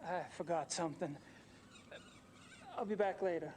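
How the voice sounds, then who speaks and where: An actor playing a young man posing as an associate, speaking in a smooth, persuasive way in a game recording with faint noise. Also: on the high side, normal speed, a little mellow, lightly acted.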